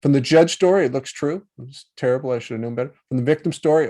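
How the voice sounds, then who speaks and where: A man teaching about healing in a relaxed, conversational way, acting out inner voices with changing tones and checking in with the listener. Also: medium pitch, fast talker, few pauses. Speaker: meditation teacher. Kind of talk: talk on healing.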